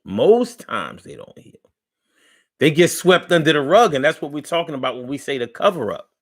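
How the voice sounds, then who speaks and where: A man's voice: on the high side, big pitch swings, normal speed, fairly bright tone. A man hosting a live online talk show in a casual, playful way, repeating phrases and reading viewer comments aloud.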